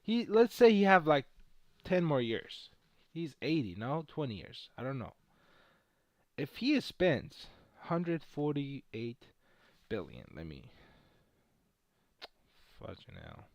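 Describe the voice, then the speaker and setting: A man's voice: mid-range voice, wildly swooping pitch, measured pace, creaky, long pauses, dry recording. A man chatting casually on a live stream while trading stocks, brash and boastful and swearing freely. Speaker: livestream host trading stocks.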